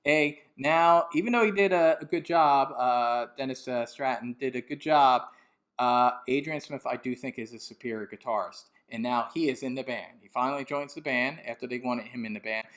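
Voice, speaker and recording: This is a man speaking casually on his own music channel, with no script. He rambles and corrects himself mid-sentence while his enthusiasm keeps running. His voice sits at an everyday middle pitch. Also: normal speed, fairly bright tone. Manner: rambling and enthusiastic, full of "you know" and self-corrections. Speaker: music YouTuber. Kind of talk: casual unscripted monologue.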